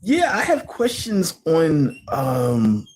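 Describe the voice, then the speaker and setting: A man from Georgia calling in to a livestream, hesitant and halting with lots of fillers. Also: fairly high pitch, huge pitch swings, a little mellow. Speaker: caller. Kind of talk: casual call-in chat.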